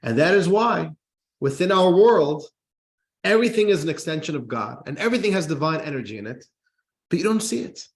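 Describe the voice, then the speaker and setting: Male rabbi lecturer, slightly high voice, animated classroom explainer. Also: brisk. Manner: animated teacher, reads text aloud then explains. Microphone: microphone in front of him.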